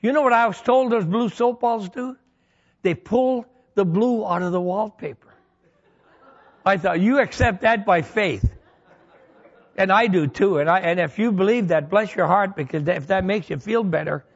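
A man's voice: high-pitched, normal speed, lo-fi sound. A pastor preaching a sermon, telling homely stories with humor to make his points. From Michigan. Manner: folksy storytelling with humor.

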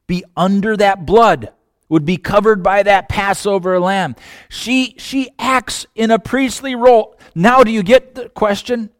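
A man preaching a sermon, asking rhetorical questions and swinging from hushed lines to loud, impassioned ones. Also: high voice, dry recording, studio quality. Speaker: pastor.

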